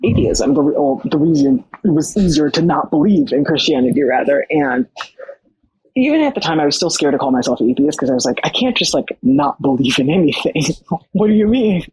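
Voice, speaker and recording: A young woman guest on a podcast, telling her story casually, animated and full of fillers and quoted dialogue. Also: sits low, fairly quick, slightly rough, no echo, poor audio.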